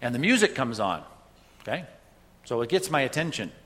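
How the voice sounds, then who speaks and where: A man's voice: mid-range voice, big pitch swings, brisk, fairly bright tone, long reverb tail. A man preaching a sermon in a conversational way, often checking in with "right?" as he tells a story and makes his point. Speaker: pastor.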